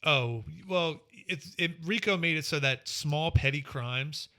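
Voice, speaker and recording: Podcast co-host, man, bright voice, teasing casual banter. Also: fairly high pitch, a little slow. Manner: joking, teasing, talks over others. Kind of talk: casual chat.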